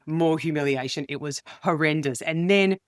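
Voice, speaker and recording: A woman's voice: normal speed, smooth, no echo, clean studio sound. A woman, a comedian and speaker, telling stories in an interview and acting out the voices of the people she quotes. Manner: expressive, acts out quoted voices with big pitch jumps. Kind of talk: animated storytelling in an interview.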